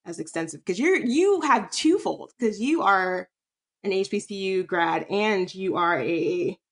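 A woman's voice: mid-range voice, lively intonation, unhurried, breathy edge. Hedging, chatty woman. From Texas, USA. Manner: hedging, chatty, many fillers. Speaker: podcast co-host. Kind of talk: casual chat.

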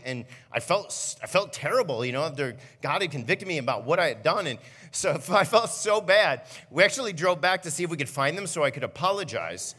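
A man, a student pastor, giving a sermon with animated, self-mocking personal stories. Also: a little high, a little fast, husky, in a large hall. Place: church auditorium.

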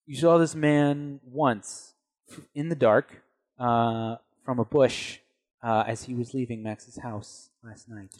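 A man's voice: mid-range voice, fairly even intonation, slow, a little mellow. Male game master, rambling narration, mid-range voice. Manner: rambling, filler-heavy.

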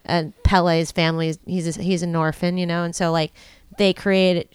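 A woman's voice: fairly low pitch, flat delivery, moderate pace, clean tone, no room sound. A woman in casual chat, thinking aloud about a film with many "like" fillers. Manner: thoughtful, musing, many "like" fillers. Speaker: podcast co-host discussing a film.

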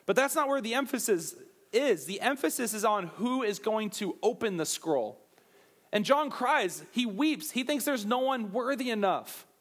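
Casual: high-pitched guy preaching, lively and jokey, talks right to the crowd like they're buddies. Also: normal speed. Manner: animated, jokey asides to the crowd. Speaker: pastor. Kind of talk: sermon.

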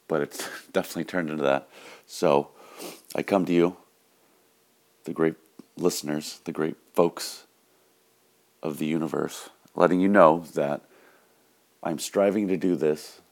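A man hosting his own podcast, telling a dry bar joke and then chatting casually to his listeners. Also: rumbling low. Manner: deadpan joke telling, yelling the customers' lines. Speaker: podcast host.

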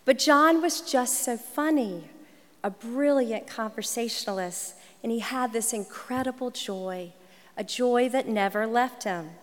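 Slow, gentle woman telling a story. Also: a little high. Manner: gentle, measured and reflective. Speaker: minister and writer. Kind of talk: personal storytelling reading. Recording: long hall reverb.

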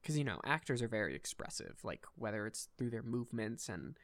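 A man's voice: medium pitch, big pitch swings, brisk. A young adult man hosting a podcast in casual chat, rambling and enthusiastic, swearing casually. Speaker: podcast host.

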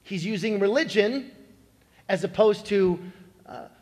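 High-voiced preacher in an echoing hall. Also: male voice, unhurried, darkish tone. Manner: storytelling preacher, acts out joke voices. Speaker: pastor. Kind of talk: sermon. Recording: echoey hall with long reverb.

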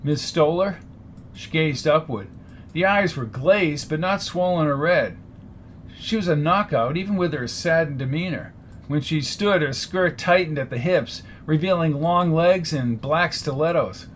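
A man's voice: a little high, expressive, a little slow, a little hiss or hum. A man narrating a first-person hard-boiled detective story in a wry, laid-back way.

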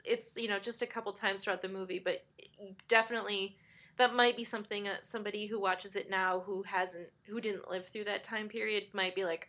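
A woman chatting casually about a film, laughing often and getting animated when she quotes characters. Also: mid-range voice.

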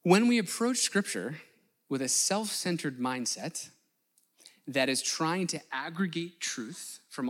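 A man preaching a sermon in a conversational way, acting out the voices of the people he quotes. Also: mid-range voice. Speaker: pastor.

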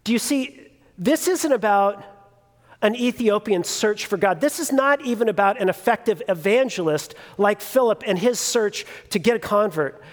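Here a male pastor in his thirties speaks at normal speed with a high, animated voice. His sermon drifts into a personal story told conversationally, with fillers and restarts, as the sanctuary's long hall reverb lingers.

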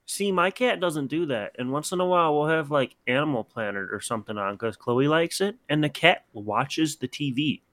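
A man co-hosting a casual podcast, telling animated stories and acting out his pet's voice. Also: on the high side, normal speed, hardly any pauses, no room sound. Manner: animated storyteller, acts out his cat's voice. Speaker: podcast co-host. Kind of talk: casual chat.

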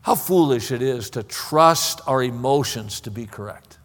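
A man's voice: mid-range voice, lively intonation, measured pace, fairly bright tone. A man preaching a sermon in an impassioned way, often stammering and repeating words. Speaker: pastor. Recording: long hall reverb.

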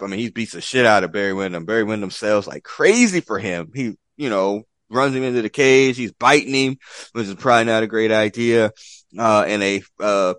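A man's voice: fairly low pitch, fairly bright tone, dry recording. A man casually recapping an old wrestling event as a podcast co-host, rambling with lots of fillers and swearing.

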